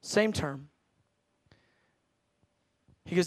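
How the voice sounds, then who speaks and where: A man in his thirties preaching a sermon, telling a family story with animated, acted-out quotes and laughs. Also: high-pitched, moderate pace, dry recording. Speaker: pastor.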